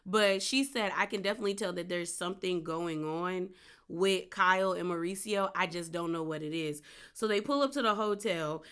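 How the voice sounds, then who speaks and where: Gossipy woman recapping reality tv, bright forceful voice, says girl a lot. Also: medium pitch. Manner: chatty, gossipy, lots of "girl" and "like". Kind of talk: casual recap commentary.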